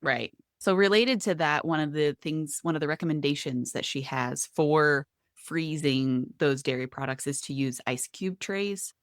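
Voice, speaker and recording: A woman's voice: low voice, a little slow, hardly any pauses, no room sound, clean studio sound. A woman co-hosting a podcast in a casual, chatty way, walking through tips step by step and poking fun at her own slips. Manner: chatty, self-deprecating, explains things step by step. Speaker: podcast co-host.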